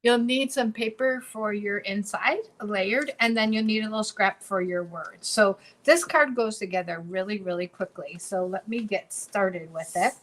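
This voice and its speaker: A woman leads a relaxed craft demonstration in a mid-range voice, bubbly and chatty, often repeating phrases as she shows each piece. She talks at a normal speed with few pauses, and the audio quality is poor. It's a casual craft tutorial.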